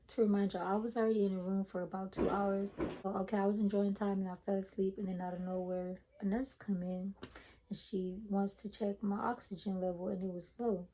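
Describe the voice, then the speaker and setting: A young woman vlogger chatting casually to her viewers, retelling a personal story in an animated way. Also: medium pitch, low-quality recording.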